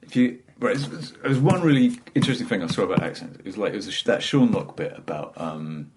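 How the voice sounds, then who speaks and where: A man's voice: lowish voice, lively intonation, noisy background. A man with a middle-class English accent tinged with South East London, a stand-up comedian chatting and rambling on a podcast. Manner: rambling, self-deprecating, halting restarts. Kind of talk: casual podcast chat.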